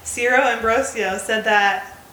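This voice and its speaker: A woman's voice: on the high side, steady tone, measured pace, pushed and bright, a little hiss or hum. Woman, twenties, American accent, chatty podcast co-host, many fillers, echoey room. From United States. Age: 20s. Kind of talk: casual chat.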